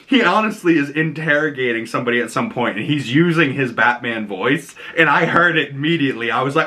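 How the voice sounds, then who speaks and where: A man's voice: medium pitch, expressive, brisk, hardly any pauses, sharp tone. A young man casually reviewing a movie, chatty and rambling, laughing at his own jokes.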